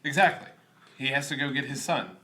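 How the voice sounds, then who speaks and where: A man from the US Midwest co-hosting a podcast, loud, excitable and crude. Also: mid-range voice, brisk. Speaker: podcast co-host. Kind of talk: crude casual chat.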